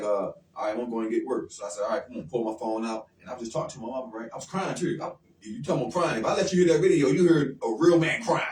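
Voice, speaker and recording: A man telling a personal story in a quick, earnest, emotional way, often repeating himself. He sits a little away from the microphone in a roomy space with faint noise behind him. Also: medium pitch. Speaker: guest. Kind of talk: casual radio talk. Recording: roomy sound from far off the mic with faint noise.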